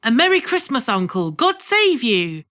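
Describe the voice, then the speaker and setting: A woman voicing a cheerful, warm-hearted young man who speaks brightly and eagerly in a storybook reading. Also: on the high side, big pitch swings, moderate pace.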